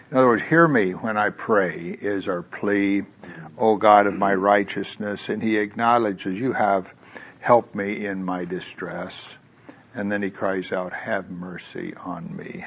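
Low, husky-voiced male preacher. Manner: conversational preaching with tag questions. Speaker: pastor. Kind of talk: sermon leading into prayer.

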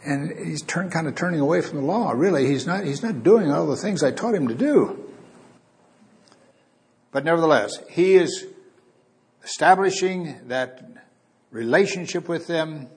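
A man's voice: a little high, animated, a little slow, long pauses. A man preaching a Bible teaching, talking casually to his listeners and reading scripture aloud with dramatic emphasis.

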